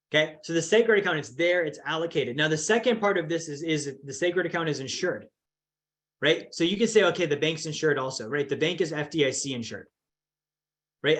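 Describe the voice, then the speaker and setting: A man's voice: fairly high pitch, fairly bright tone. A man teaching a finance course, emphatic and repetitive, often checking in with the listener. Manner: emphatic, repeats points with "okay" and "right". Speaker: financial educator. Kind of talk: explanatory course talk.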